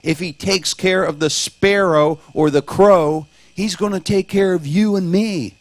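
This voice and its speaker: A man giving a sermon in a steady, reassuring way. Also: high voice, a little slow, no room sound. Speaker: preacher.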